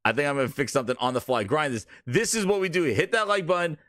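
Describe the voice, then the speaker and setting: Speaking fast in a slightly high, somewhat bright voice, a man hosts a gaming live stream, rambling and laughing in a flustered way while his audio repeatedly cuts out. He's using a home streaming microphone, and the sound is studio quality with no echo.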